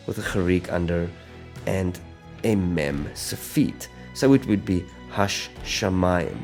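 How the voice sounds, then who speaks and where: A man with a very low, deep voice walks through a pronunciation lesson at a careful, deliberate pace. He sounds out each letter and syllable one by one. Soft music plays faintly underneath. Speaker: Hebrew teacher.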